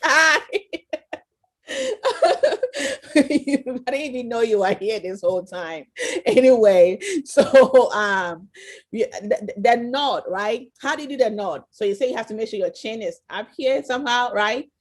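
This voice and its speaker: A woman's voice: on the high side, expressive, moderate pace. A woman presenting an interactive online class over a video call. She is encouraging and keeps quizzing her listeners, asking "okay?" and "right?". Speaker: virtual tour presenter.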